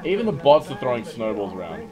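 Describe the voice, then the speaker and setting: A man's voice: medium pitch, big pitch swings, fast talker, poor audio. Sweary man streaming a shooter. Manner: casual, sweary, yelps when things go wrong. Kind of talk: live gameplay commentary. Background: game music and gunfire.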